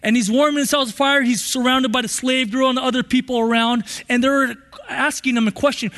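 A man's voice: extremely high pitch, steady tone, brisk, a bit bright. A man pastor preaching a sermon in a church hall, impassioned and prone to repeating phrases. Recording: long hall reverb.

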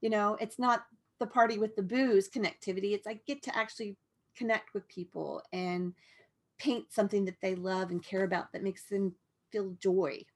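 A woman's voice: mid-range voice, fairly even intonation, normal speed. A middle-aged woman, a podcast guest in recovery who works as a painter, tells her story animatedly, laughing often and acting out her own thoughts. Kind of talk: casual podcast interview. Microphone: video call.

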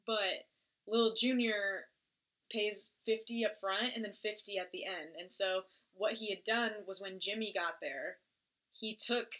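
A woman casually retelling a movie plot, swearing freely and acting out the characters in quick put-on voices. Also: medium pitch, pushed and bright.

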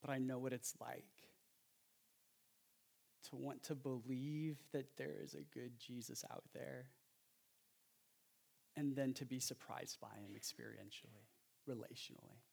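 A man preaching a sermon in a conversational, animated way, with joking asides to the congregation. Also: mid-range voice, a little slow, gravelly, long pauses. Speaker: pastor.

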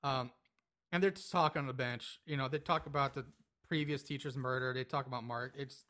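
A man casually recapping a movie scene by scene in a relaxed podcast chat, rambling and laughing and acting out lines from the film. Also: medium pitch, a little fast.

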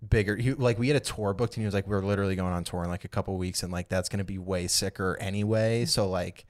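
A young man casually telling a long story on a podcast, peppered with "like" and animated retellings. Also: low voice, quick pace. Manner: rambling, animated retelling with lots of "like". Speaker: podcast co-host.

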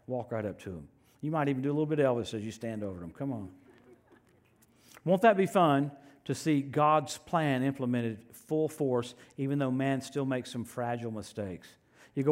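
A man preaching a sermon, telling personal stories with animated swings from loud proclamations to hushed asides. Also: mid-range voice, brisk. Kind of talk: sermon with storytelling.

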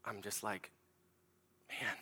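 A middle-aged man preaching a sermon, acting out stories with sound effects and then dropping to a quiet, earnest tone. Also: on the low side, takes it slowly, gravelly, husky. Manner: animated, acts out sounds and stories, drops to hushed tones. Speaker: pastor. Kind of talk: sermon with storytelling.

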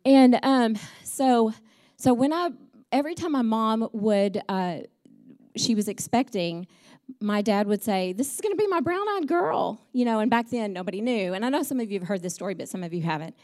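A woman's voice: mid-range voice, normal speed, a little mellow. A middle-aged woman, sharing personal family stories as a church speaker in a chatty, heartfelt way with many ums. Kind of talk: personal storytelling message.

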